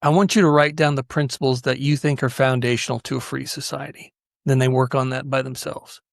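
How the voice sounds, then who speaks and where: A man's voice: medium pitch, fairly even intonation, fairly quick, vocal fry, dry recording, clean studio sound. A man hosting a podcast, telling stories earnestly and with animation, often restarting his sentences. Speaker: podcast host. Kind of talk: conversational storytelling.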